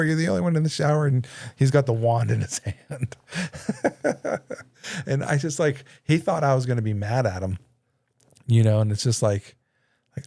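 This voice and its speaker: A man in his thirties hosts a casual studio podcast, his medium-pitched voice mellow and at normal speed with no room sound. He tells a story full of laughter, acting out the voices of the people involved.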